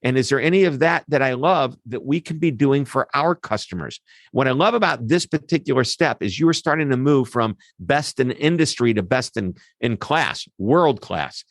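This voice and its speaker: A man talks as an interview guest in a lively, animated way, slipping quick asides into his explanations. His voice sits at a medium pitch. The recording is dry and close, with no room echo. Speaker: customer service expert guest. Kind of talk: interview answers.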